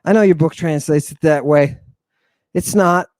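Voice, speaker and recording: A man's voice: on the high side, normal speed, no room sound. A man teaching an Ancient Greek lesson in a theatrical, teasing drill-sergeant manner. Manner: animated, teasing.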